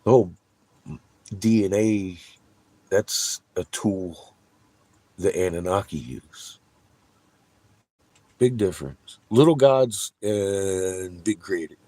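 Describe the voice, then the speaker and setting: Man, low voice, dry close sound, profane rambling storyteller. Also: takes it slowly, pauses often, no room sound. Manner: profane, animated storytelling with bursts of laughter. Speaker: vlogger. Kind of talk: rambling casual monologue.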